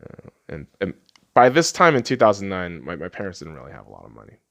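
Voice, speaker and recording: A man's voice: sits low, very animated, fast talker, fairly bright tone. A man in his late twenties, a podcast host, swearing a lot and repeating himself as he tears up over a personal memory. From Las Vegas, USA. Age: late 20s. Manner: profane, repetitive, tearful. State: tearing up. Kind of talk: emotional personal monologue.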